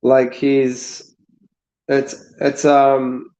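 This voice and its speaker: A man chatting casually to his viewers, halting and repeating words, often restarting his sentences and swearing now and then. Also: mid-range voice, monotone, mellow, clear, resonant tone. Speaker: streamer answering chat. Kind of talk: casual rambling chat. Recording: dull lo-fi sound.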